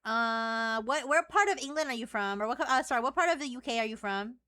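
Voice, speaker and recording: A woman's voice: fairly high pitch, fairly quick, bright, forceful tone. A woman streamer teasing and chatting playfully with an AI voice on a live stream. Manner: playful, teasing, flirty questions.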